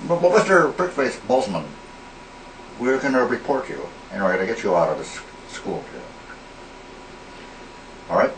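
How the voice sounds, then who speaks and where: An echoey, distant and noisy amateur recording catches a man improvising a comedy sketch as a crude, blustering uncle swearing heavily at a teacher. His medium-pitched voice has lively intonation, normal speed and frequent pauses.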